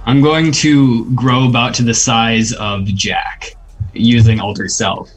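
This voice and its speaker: A man's voice: medium pitch, fairly even intonation, takes it slowly, poor audio. A man playing in a tabletop game, talking casually about his character's moves. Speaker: player.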